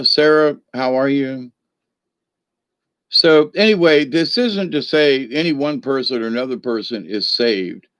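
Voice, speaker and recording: A man's voice: medium pitch, no echo. A man hosting a rambling spiritual livestream in a folksy, feisty manner, laughing often and greeting viewers by name. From northern United States. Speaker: livestream host reading viewer comments.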